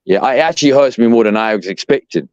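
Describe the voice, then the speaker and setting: A man's voice: mid-range voice, expressive, fast talker, a little mellow, no echo. A young man ranting as a podcast co-host, profane and exasperated, saying "bruv" constantly. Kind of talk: heated fan rant. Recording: dull, dry lo-fi sound.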